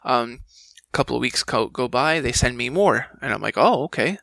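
A man telling a casual story in an animated way and acting out the people he quotes. His voice has a bright, forward tone with gravel and fry at the ends of his phrases. The sound is close and dry. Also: medium pitch, normal speed, no room sound, low-quality recording. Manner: animated, acts out quoted dialogue. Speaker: guest, game voice actor.

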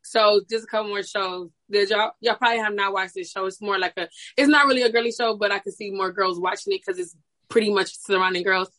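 A woman's voice: mid-range voice, fairly even intonation, quick pace, fairly bright tone. A woman co-hosting a casual chat, hesitant and repeating herself as she searches for words. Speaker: podcast co-host. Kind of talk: casual chat about TV shows.

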